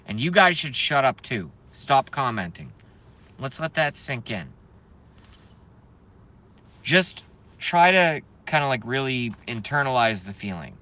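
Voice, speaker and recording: A man's voice: mid-range voice, sing-song, a little slow, long pauses, bright, forceful tone. A man hosting a live stream, ranting heatedly and emphatically and repeating his phrases for effect. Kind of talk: impassioned live-stream rant.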